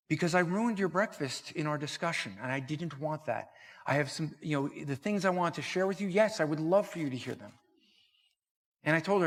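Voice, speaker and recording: A man giving a conference talk at a church, telling a story and acting out the dialogue in an animated way. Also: fairly high pitch, normal speed. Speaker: conference speaker. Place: church hall. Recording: reverberant church hall.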